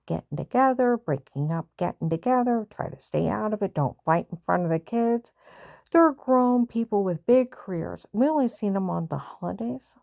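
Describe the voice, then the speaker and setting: A woman's voice: medium pitch, vocal fry, mellow, no room sound, clean studio sound. An older woman tells a family story in a plain-spoken, repetitive way, sighing now and then. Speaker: mother telling a family story. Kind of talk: personal storytelling.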